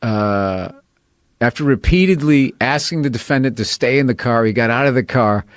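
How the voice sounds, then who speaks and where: A man's voice: mid-range voice, moderate pace, dry recording, studio quality. A man chatting casually on a podcast, telling swear-filled stories and laughing often. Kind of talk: casual chat.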